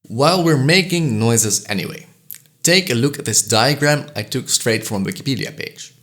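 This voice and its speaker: A man giving a scripted educational voice-over, explaining pronunciation clearly and slowly sounding out example vowels. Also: mid-range voice, expressive, fairly bright tone. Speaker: language educator.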